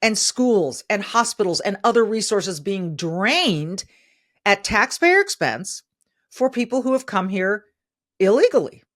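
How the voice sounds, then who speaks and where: Emphatic woman host with lively pitch. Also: a little slow. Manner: emphatic, animated, repeats phrases for stress. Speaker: podcast host. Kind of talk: opinion commentary.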